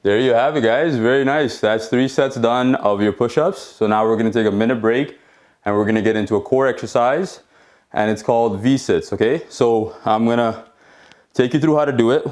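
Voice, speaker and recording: A man's voice: medium pitch, brisk, a little mellow. A man leading a home workout, encouraging, counting reps and checking in with "okay?" as he exercises along. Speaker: fitness instructor.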